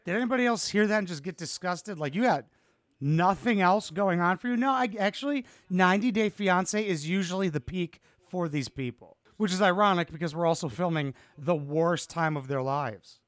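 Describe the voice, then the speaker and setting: A man's voice: high-pitched, normal speed, fairly bright tone, dry recording. A man hosting a podcast, giving crude, sarcastic comedic reactions to reality TV clips. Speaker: podcast host.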